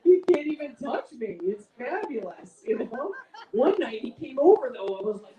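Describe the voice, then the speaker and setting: High-voiced woman doing stand-up. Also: a little fast, reverberant, far from the mic, lo-fi sound. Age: 30s. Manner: animated storytelling with laughs. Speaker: comedy show host. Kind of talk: stand-up comedy.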